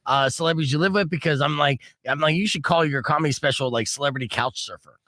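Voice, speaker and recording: Man, radio host, bright tense voice, relaxed casual talk, dry studio sound. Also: a little high, fast, no echo.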